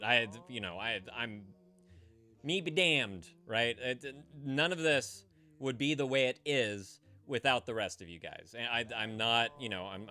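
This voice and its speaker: A man's voice: mid-range voice, sharp tone. A man hosting a casual live-stream call-in show, rambling and profane, stammering and restarting as he chats with viewers.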